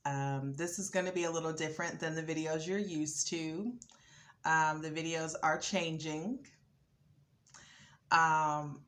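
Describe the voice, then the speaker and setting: A woman hosting her own channel, talking casually to camera with many ums and a building excitement. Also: sits low. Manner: relaxed, lots of ums, rising excitement. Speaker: vlogger host.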